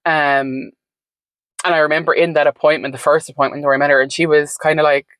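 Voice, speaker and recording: A woman's voice: low-pitched, little pitch movement, fairly quick, a bit bright, no room sound, poor audio. A woman telling her story as a podcast guest in a reflective, meandering way, full of "like" and "um". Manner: reflective, meandering, frequent "like" and "um" fillers. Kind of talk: conversational storytelling.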